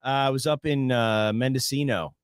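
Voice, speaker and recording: A man's voice: mid-range voice, steady tone, moderate pace, clear, resonant tone, dry recording, clean studio sound. Laid-back male film critic on radio. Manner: laid-back, hesitant, lots of fillers. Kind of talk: radio banter. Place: radio studio.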